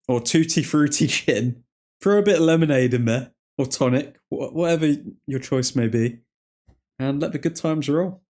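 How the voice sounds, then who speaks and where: A man's voice: fairly high pitch, a little mellow. A man with an English accent casually hosting a football watchalong, chatting and reacting to viewer comments. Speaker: livestream host.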